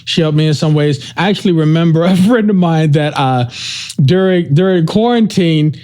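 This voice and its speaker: A man's voice: fairly high pitch, normal speed, mellow, clear, resonant tone. Rambling, reflective male podcast host. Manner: informal, says "yo" and "right?". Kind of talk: casual monologue.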